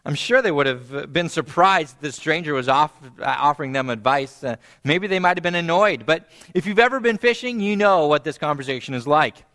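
A man preaching a sermon, animated and storytelling, acting out quoted voices and softly repeating key phrases for emphasis. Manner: animated, acts out quoted voices with big pitch jumps. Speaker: pastor.

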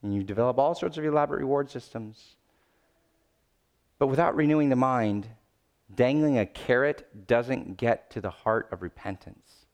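A male pastor preaching a sermon, swinging between loud urgent pleading and low, quiet emphasis. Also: moderate pace.

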